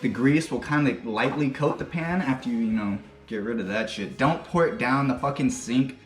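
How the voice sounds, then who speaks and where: At a moderate pace and medium pitch, a male host leads a casual cooking demo at home, crude in his language and prone to jokey, rambling digressions. The kitchen sounds echoey, with faint music behind him.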